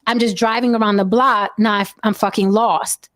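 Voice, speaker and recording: A woman telling a wild personal story in casual chat, profane and animated. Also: medium pitch, fairly quick.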